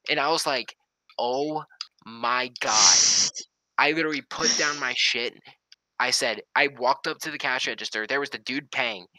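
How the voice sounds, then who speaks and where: A man's voice: mid-range voice, sharp tone, no echo, poor audio. A young man telling a story in casual, heavily profane talk. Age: young adult.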